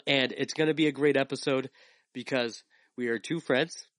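A man's voice: mid-range voice, fairly even intonation, normal speed, no echo. A young adult man hosting a podcast, chatting in an earnest, rambling way full of likes. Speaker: podcast host. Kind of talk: casual chat.

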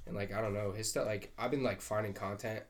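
A man's voice: fairly low pitch, fairly even intonation, fast talker. A young man co-hosting a podcast, talking casually in a laid-back, rambling way with lots of fillers. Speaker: podcast co-host. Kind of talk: casual chat.

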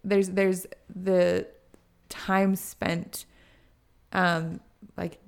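A young woman with a low, gravelly voice, co-hosting a casual podcast. She rambles, restarts her sentences and slips into quoted asides as she talks. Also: level tone, extremely slow. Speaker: podcast co-host. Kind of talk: casual chat.

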